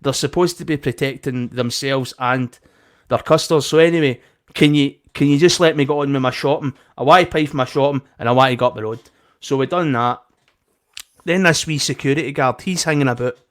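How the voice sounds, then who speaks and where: A man's voice: medium pitch, brisk. A young Scottish man telling a heated story in casual chat, swearing and acting out both sides of an argument. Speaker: podcast co-host.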